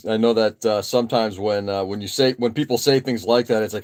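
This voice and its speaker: Building a model kit on a live stream, a man in his forties talks a little fast in a fairly low voice. He keeps the chat easygoing and rambling, with many uhs and frequent jokes at his own expense.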